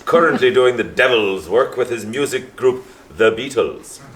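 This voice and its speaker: An actor with a Liverpool accent playing a pompous, meddling middle-aged Catholic priest who hesitates and repeats himself. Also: male voice, mid-range voice, moderate pace, a bit bright, close to an everyday voice. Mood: smug, probing. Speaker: parish priest. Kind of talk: stage play acting. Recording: echoey stage with faint noise.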